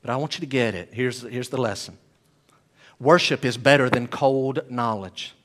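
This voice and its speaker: A man preaching a sermon as pastor, swinging between loud emphatic declarations and quiet, hushed asides. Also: mid-range voice, normal speed.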